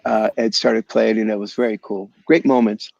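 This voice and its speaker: A man being interviewed as a guest musician over a video call, telling animated stories in a loose, slangy way and calling people "man" and "bro". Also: on the low side, moderate pace, vocal fry, dry recording, highs cut off. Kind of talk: casual storytelling interview. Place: home in Los Angeles area.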